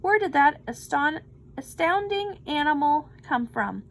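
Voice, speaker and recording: A resourceful librarian speaks briskly and encouragingly, as a woman reads her part. Her voice sits high. She keeps a slow storybook pace. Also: animated. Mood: amazed.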